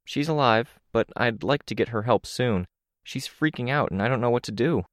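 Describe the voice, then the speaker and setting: A man reading an audiobook, voicing a worried young woman hero who talks in an urgent, hurried way. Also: medium pitch, no echo, studio quality, voice pushed up, natural voice. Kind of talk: audiobook character voice.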